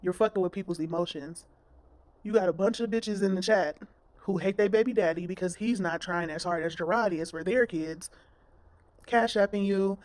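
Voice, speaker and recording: A woman's voice: medium pitch, a little mellow, no room sound. A woman commentator ranting bluntly in a reaction video, scolding and swearing.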